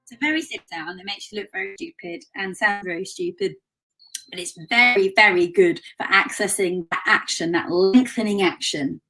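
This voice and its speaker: A woman teaching an online singing lesson, giving quick, chatty explanations between sung demonstrations. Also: medium pitch, sharp tone, faint music behind, poor audio.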